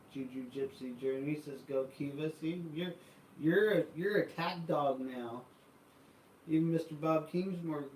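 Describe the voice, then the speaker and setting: Reading out viewer comments and drifting through filler-heavy stories, this American livestream host has a medium-pitched, slightly mellow voice. He sounds distant in an echoey room, with a little hiss or hum on the recording.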